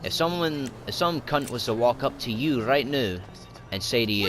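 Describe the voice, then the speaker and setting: A man's voice: mid-range voice, moderate pace, background noise. A young Scottish man with a Scottish accent, giving sweary, rowdy commentary over his gameplay. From Scotland. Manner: sweary, rowdy, shouts at the game. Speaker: gaming YouTuber.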